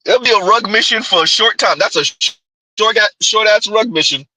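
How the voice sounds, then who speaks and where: Bright mocking male commentator. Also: high-pitched, animated, normal speed, no echo, poor audio. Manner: mocking, keeps asking "Huh?". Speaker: commentary host. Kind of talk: reaction commentary.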